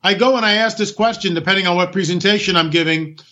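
Man, talk show host, ranting political monologue, high bright voice, dull lo-fi recording. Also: fast talker. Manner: ranting, emphatic, rhetorical questions.

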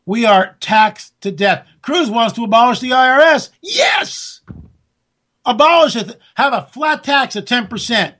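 A man's voice: very high-pitched, moderate pace, hardly any pauses, a bit bright. A man hosting a political talk radio show, ranting and sarcastic, talking straight to his listeners. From California.

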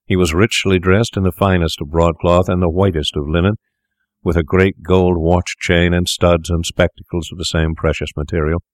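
Man reading an old story out loud, measured and formal, very low voice, dry sound. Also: flat delivery, no room sound. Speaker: narrator. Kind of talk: audiobook narration.

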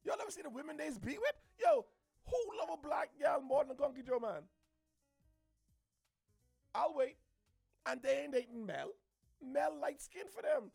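A man from the Bahamas with a Bahamian accent, ranting to camera in an animated, preachy way, repeating his points. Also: very high-pitched, moderate pace, gravelly, pauses often, no room sound, soft background music. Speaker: social media commentator. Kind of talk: opinionated rant to camera.

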